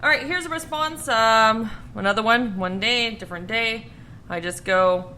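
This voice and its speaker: A woman's voice: fairly high pitch, normal speed, pushed and bright, a little hiss or hum. A young adult woman co-hosting a casual podcast, rambling, swearing freely and laughing at herself. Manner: laughing, profane, self-deprecating rambling. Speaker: podcast co-host.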